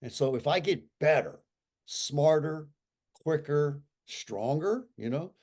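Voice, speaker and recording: An older man in his sixties talking as an interview guest, emphatic and animated. His voice sits fairly high for a man and swoops up and down a lot, and he leans hard on repeated phrases. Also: slow. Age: 60s. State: recovering from a stroke. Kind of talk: casual conversational talk.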